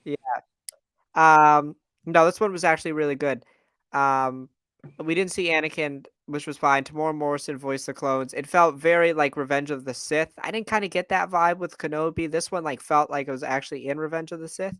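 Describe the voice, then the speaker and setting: A man's voice: a little high, fairly even intonation, a little fast, a bit bright, clear, resonant tone, no room sound, studio quality. A man co-hosting a fan podcast in casual, enthusiastic chat with many fillers. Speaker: podcast co-host.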